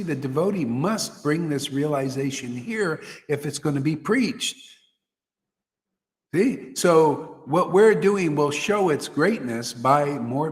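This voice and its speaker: A man giving a devotional sermon as a spiritual teacher, exhorting and colloquial. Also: a little high. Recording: reverberant hall.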